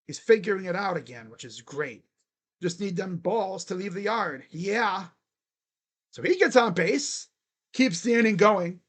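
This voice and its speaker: A man doing excitable live play-by-play as a fan, cheering, chanting and grumbling at his team. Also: high voice, unhurried. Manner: animated, cheering and chanting, swings to muttered grumbling. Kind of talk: excited live game commentary.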